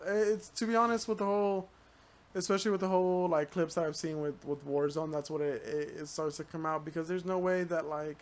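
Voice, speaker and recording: A young man as a podcast guest, chatting casually in a halting, rambling way full of "like" and "dude.". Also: fairly high pitch, flat delivery. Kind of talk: casual chat.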